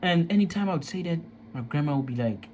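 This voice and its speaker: A man's voice: fairly high pitch, lively intonation, fast, darkish tone, slight background noise. A young man candidly telling a personal story, emotional and profane, in casual street slang.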